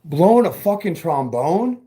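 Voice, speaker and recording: A man's voice: fairly high pitch, big pitch swings, a little slow, mellow. A man hosting a casual livestream while working in a garage workshop, rambling and joking and swearing freely. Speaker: livestream host.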